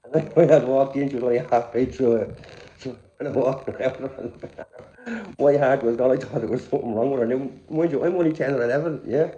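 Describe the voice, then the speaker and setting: Middle-aged Irish vlogger, dark mellow tone, animated casual storyteller. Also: male voice, mid-range voice, a little fast, roomy sound, lo-fi sound. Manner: animated storyteller who laughs often.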